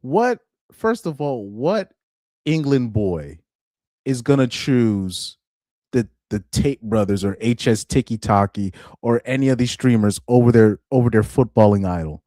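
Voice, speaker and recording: A man's voice: medium pitch, lively intonation, a little slow, dark tone, no room sound, studio quality. A young man on a live stream reacting to articles, laughing often, repeating himself and restarting his sentences in casual chat.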